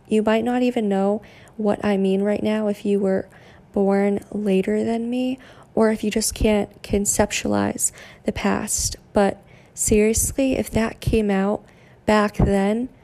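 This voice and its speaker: Young woman, podcast host, monotone, deadpan, mellow dark tone, unhurried. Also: medium pitch. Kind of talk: casual motivational monologue.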